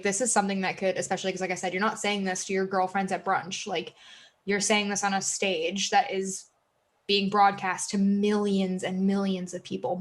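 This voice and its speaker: A woman co-hosting a podcast, talking casually and heatedly, swearing for emphasis. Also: medium pitch. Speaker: podcast co-host. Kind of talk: casual recap chat.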